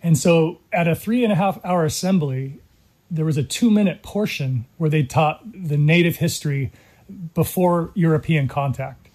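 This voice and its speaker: A middle-aged man from California, telling his story in an earnest, measured way as an interview guest. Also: a little high, darkish tone. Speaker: guest, documentary creator. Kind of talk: interview conversation.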